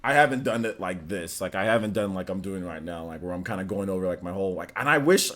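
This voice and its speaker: A man in his thirties hosting a gaming show, chatting casually and animatedly and laughing often. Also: low-pitched. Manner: animated, laughs often, drawn-out filler words. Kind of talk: casual streamed chat.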